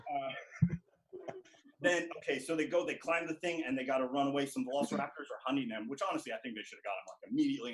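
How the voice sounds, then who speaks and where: A man's voice: medium pitch, low-quality recording. A man performing stand-up as a contestant, crudely retelling a movie plot in a rambling way and laughing at his own jokes. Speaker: comedian contestant.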